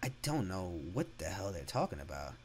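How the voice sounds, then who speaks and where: A young man giving casual commentary while playing a horror game, reacting loudly and saying "bro" a lot. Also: low-pitched, very animated, fairly quick, heavy background noise. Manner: casual, reactive, swears, says "bro" often. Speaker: gaming YouTuber. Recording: game music behind voice.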